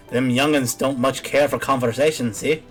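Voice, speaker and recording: A chatty old peddler spins his yarns in a put-on Irish brogue, as a man voices him. His grammar is rough and countrified, and he chuckles as he talks. The voice sits in a middle pitch. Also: fairly even intonation, normal speed, soft background music, natural voice. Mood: folksy.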